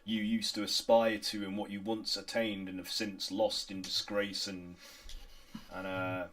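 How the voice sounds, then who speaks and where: A man narrating as game master, halting and improvised, with many restarts. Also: on the low side, level tone, a bit bright.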